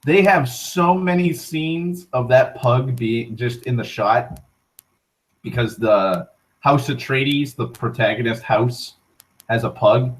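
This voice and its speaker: A young man hosting an online talk show, rambling casually with frequent profanity, restarts and excited tangents. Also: medium pitch, slow, low-quality recording. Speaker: internet talk show host.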